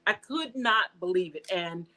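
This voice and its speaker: An American woman being interviewed, telling a personal story in a casual, animated way and acting out the dialogue she quotes. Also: lowish voice, measured pace, poor audio. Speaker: guest.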